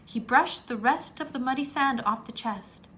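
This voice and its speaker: A woman reading a children's book aloud in a slow, animated storytelling manner, with a gravelly edge. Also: high-pitched, a little hiss or hum. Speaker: read-aloud narrator.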